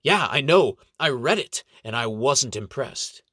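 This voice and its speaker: A feisty little gnome monk with a quick temper and a sarcastic bite, as a man puts him on. He talks dry and close, with no room around the voice, and picks at everyone around him. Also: medium pitch, animated, bright, forceful tone, slightly rough, no echo, full character voice. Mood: heated. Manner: needling, sarcastic retorts. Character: tiny hot-tempered gnome monk, male, argumentative.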